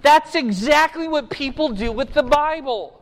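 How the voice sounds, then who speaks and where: A man's voice: very high-pitched, measured pace. A man teaching a classroom Bible lesson, often checking in with his listeners by asking "okay?". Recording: long reverb of a hall.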